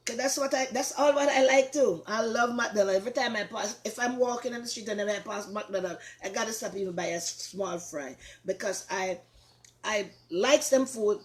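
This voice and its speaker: An older woman with a Jamaican accent, hosting a casual cooking chat and talking to viewers with lots of repetition. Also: medium pitch. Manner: chatty, repeats herself, warm asides to viewers. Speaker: talk show host.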